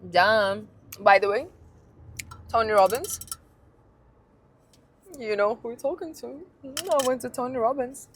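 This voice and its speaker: A woman's voice: fairly high pitch, a little slow, long pauses, slight background noise. A young woman vlogger telling a candid, sweary story to her phone camera while driving her car. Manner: candid, swears freely, laughs at herself. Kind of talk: storytime vlog.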